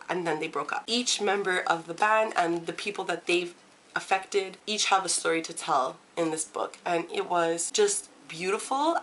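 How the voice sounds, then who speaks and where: A woman's voice: fairly low pitch, a little hiss or hum. A young woman reviewing books in a casual vlog, enthusiastic and full of fillers. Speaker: book vlogger.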